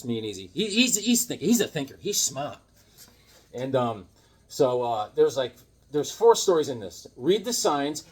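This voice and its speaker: A man's voice: mid-range voice, husky. A man rambling through his comic book haul in a casual vlog, cracking jokes and interrupting himself. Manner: jokey, rambling, self-interrupting.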